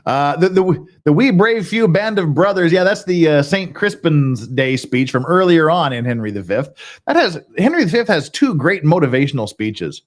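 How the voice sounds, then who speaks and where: A man's voice: fairly high pitch, very animated, moderate pace. A man hosting a casual livestream, chatting to his chat in a rambling, self-deprecating way with mild swearing and restarts. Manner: rambling with frequent restarts and laughs. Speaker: livestream host.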